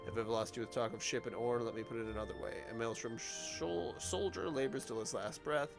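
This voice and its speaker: A man's voice: medium pitch, brisk, gravelly, natural voice. A man reading as a stern naval recruiting officer. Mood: formal. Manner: formal, stately, over-pronounced. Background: game music.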